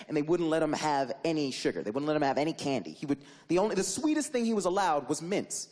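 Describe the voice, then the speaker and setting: A man telling a stand-up story in an animated way, laughing and jumping into character voices. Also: a little high, quick pace, few pauses. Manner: animated, laughing, acts out characters with big voice jumps. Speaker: stand-up comedian.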